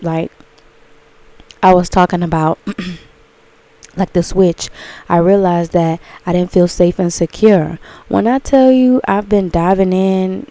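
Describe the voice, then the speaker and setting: Gushing woman with a low, mellow voice. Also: dry recording. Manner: rambling, gushing, swears freely, many "like" fillers; breaks into excited high exclamations. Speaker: vlogger. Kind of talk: casual spiritual monologue to camera.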